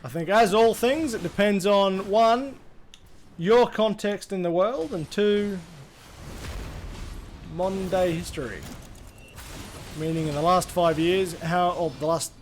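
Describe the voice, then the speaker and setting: A man's voice: high-pitched, takes it slowly, long pauses, a little hiss or hum. A young Australian man streaming a game, rambling and swearing casually as he answers chat between plays. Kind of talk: casual gaming livestream chat.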